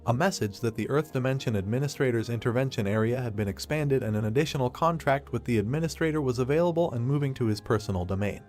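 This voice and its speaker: A man narrating a story recap from a script, reading at a steady, even pace. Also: mid-range voice, fast talker, few pauses, faint music behind.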